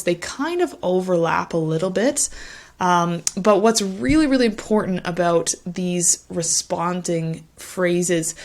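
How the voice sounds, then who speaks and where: A young woman explains speaking skills in an online lesson, her voice sitting a little low. She models short responses with deliberate, varied intonation, recorded through a webcam mic. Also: darkish tone. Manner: demonstrates phrases with varied intonation. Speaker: English test teacher.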